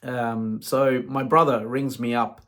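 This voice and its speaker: A man's voice: mid-range voice, steady tone, slow, a bit bright. Man, casual vlog monologue: frank, rambling, conversational, with a mid-range voice. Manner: frank, rambling, peppered with "you know". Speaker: vlogger.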